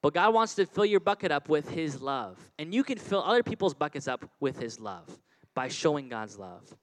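Animated children's pastor, fairly high voice. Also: male voice, moderate pace, rough recording. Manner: animated, repetitive, call-and-response with kids. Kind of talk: children's sermon.

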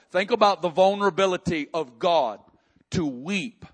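A man preaching a sermon, reading scripture and building to impassioned, near-shouted prayer. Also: high voice, lively intonation, normal speed. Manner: impassioned preaching, rising to shouts in emotional passages. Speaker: pastor.

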